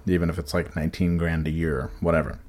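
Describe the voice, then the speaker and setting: Man, very low voice, mellow tone, rambling profane podcast banter. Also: little pitch movement, fast. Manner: rambling, profane, trailing off and restarting. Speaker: podcast co-host. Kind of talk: casual banter.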